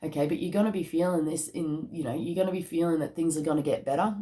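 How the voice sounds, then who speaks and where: Excitable, chatty woman reading cards. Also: deep voice, fast talker. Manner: chatty and excitable, with casual slang; bursts into laughter and excitement. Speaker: tarot card reader. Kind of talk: casual spoken card reading.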